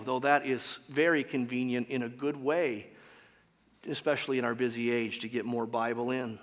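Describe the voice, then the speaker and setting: A man's voice: a little high, a bit bright, in a large hall. A man preaching a sermon as pastor, with an emphatic, repetitive cadence, recorded in a church.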